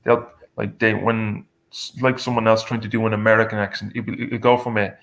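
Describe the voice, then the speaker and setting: A man from Ireland with an Irish accent, arguing in a casual chat, halting with many restarts and fillers. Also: fairly low pitch, little pitch movement, fairly bright tone.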